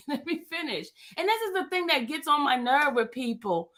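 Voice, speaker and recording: A woman's voice: sits high, animated, moderate pace, a bit bright. A woman in her fifties venting in an emphatic, repetitive monologue to her viewers. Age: 50s. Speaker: vlogger. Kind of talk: impassioned monologue.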